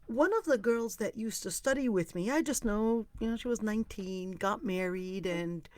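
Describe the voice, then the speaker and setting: A woman teaching an online religious class, telling a story in a lively way and acting out the people in it. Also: mid-range voice, moderate pace, dry recording. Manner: lively storyteller, acts out quoted dialogue. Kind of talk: storytelling lesson.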